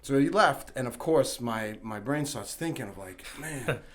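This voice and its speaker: A man's voice: medium pitch, lively intonation, normal speed. A man from New York City, a guest on a podcast, telling rambling stories full of restarts and laughing as he acts out quotes. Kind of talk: casual chat.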